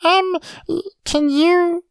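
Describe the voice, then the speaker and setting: A woman voicing Twig, an eager storyteller in a comedic podcast who narrates in a halting way, full of ums and pleading requests for help. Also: very high voice, steady tone, creaky, dry recording, exaggerated voice. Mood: rambling. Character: eager rambling storyteller who upstages the host.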